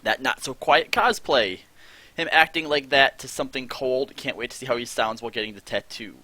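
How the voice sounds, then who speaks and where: A man's voice: mid-range voice, fairly quick, sharp tone, no room sound. A man live streaming, reading viewer chat aloud with dry, exasperated asides.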